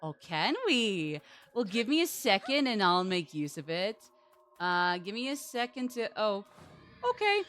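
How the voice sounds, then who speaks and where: A woman's voice: medium pitch, very animated, moderate pace, a bit bright. A woman streamer giving casual, rambling gameplay commentary, full of "like" and playful swearing.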